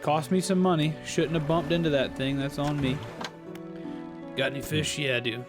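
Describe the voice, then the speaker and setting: A man giving animated let's-play commentary, reading game text aloud and exclaiming as he plays. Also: fairly high pitch, brisk. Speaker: gaming channel host. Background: game music.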